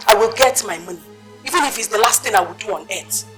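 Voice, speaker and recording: A woman's voice: mid-range voice, quick pace, natural voice. A Nigerian actress playing a desperate married woman demanding back her life savings, pleading and insistent. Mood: angry demanding. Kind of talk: film drama acting. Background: film score music.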